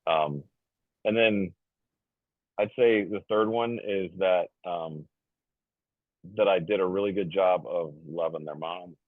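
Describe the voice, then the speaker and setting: Deep-voiced man on a tinny line. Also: slow pace, pauses often, no echo. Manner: rambling, heavy on fillers and restarts; jokey, self-described goofy. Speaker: podcast guest. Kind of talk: casual conversational storytelling. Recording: tinny phone-like dry sound.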